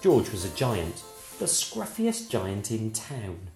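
Slow, lively male storyteller. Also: on the low side, creaky, soft background music. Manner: slow, lively expressive narration. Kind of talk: children's picture book read-aloud. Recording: echoey room.

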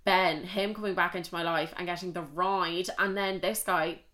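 Hosting her podcast, a young Irish woman shares personal stories casually and confessionally, chatty and candid with plenty of swearing. Her lowish, slightly bright voice stays fairly even at a normal speed.

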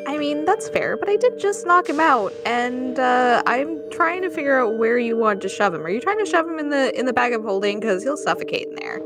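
A woman's voice: sits high, sing-song, fairly quick, few pauses, music in the background. A woman playing a tabletop game in casual chat, bubbly and laughing often. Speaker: player.

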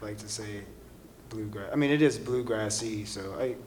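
A man's voice: lowish voice, normal speed, a little mellow, slight background noise. A man guesting on a radio show as a band member, answering in an easygoing, joking way with hesitant fillers. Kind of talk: casual interview answers.

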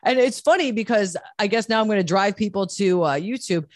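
A woman's voice: mid-range voice, brisk, dry recording, studio quality. A woman hosting a casual recovery podcast, joking, swearing and teasing herself as she chats with her guest. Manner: joking, profane, self-deprecating. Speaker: podcast host.

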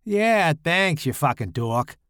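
A man's voice: a little high, sing-song, takes it slowly, fairly bright tone, smooth, no echo, clean studio sound, voice pushed up, heavily acted. A man voicing a crude, taunting young man who swears and jeers. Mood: mocking. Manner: jeering, vulgar, cackling.

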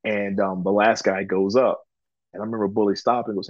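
A low-pitched man from Georgia recounts his story in an easygoing interview, sprinkling in ums and voicing the people he quotes. The recording is dry and close but somewhat dull and muffled. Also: moderate pace, no echo. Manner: relaxed, chatty, frequent ums, acts out quoted dialogue. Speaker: guest, professional wrestler.

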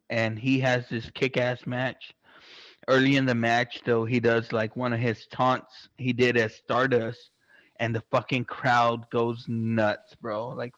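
A man chatting casually, excitable and swearing constantly, rambling with lots of fillers. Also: mid-range voice, dry recording, highs cut off. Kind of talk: casual chat.

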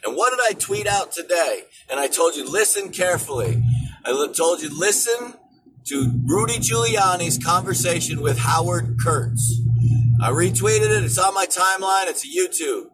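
A man hosts a political commentary show in a somewhat high voice. He rants with energy and often rises to shouts, with music clearly playing behind him. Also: normal speed, rough recording. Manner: animated ranting, rising to shouts. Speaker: show host.

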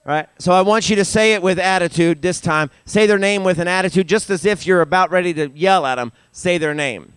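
Older male preacher, animated pulpit delivery, clean resonant tone, close and dry. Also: moderate pace, clear, resonant tone, no echo. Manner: animated, rising in pitch and volume for emphasis. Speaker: pastor. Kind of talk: sermon. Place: church sanctuary.

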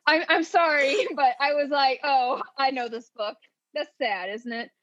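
A woman's voice: high-pitched, measured pace, a bit bright, highs cut off. A woman co-hosting a podcast, chatting casually and playfully about books and laughing often. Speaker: podcast co-host. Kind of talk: casual book chat.

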